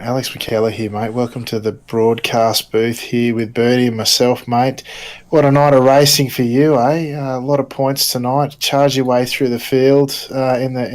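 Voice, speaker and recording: A man hosting a sim racing broadcast, chatty and upbeat, calling guests mate. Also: medium pitch. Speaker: broadcast host.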